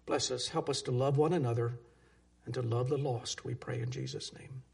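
A man's voice: mid-range voice, fairly even intonation, moderate pace, vocal fry, darkish tone, a little hiss or hum. A man preaching a sermon, telling a story earnestly and closing in prayer. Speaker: pastor.

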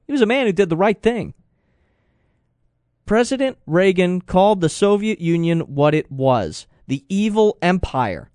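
Impassioned, lively talk radio host, a man. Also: high voice, a little slow, no echo, studio quality. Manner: impassioned, rising to indignant outbursts. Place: radio studio.

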